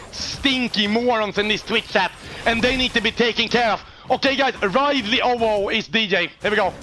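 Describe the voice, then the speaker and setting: A young man, loudly and excitably commentating his own live gameplay, swearing and shouting at teammates. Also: high-pitched. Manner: loud, excitable, profane, often shouting at teammates. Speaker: game streamer.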